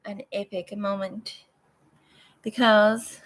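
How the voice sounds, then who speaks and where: Slow, chatty woman on a home livestream. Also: medium pitch, flat delivery. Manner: chatty, greets viewers, drifts into tangents. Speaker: livestream vlogger. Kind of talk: casual live chat.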